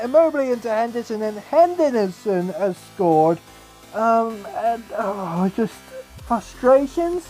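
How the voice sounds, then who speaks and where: A young man giving casual commentary over football game highlights, exasperated and swearing about his team. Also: dark tone. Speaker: gaming YouTuber.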